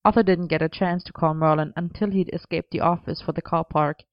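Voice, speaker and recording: A woman reading a story aloud as narrator, gentle and even. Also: deep voice, brisk, no room sound. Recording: dull lo-fi dry recording.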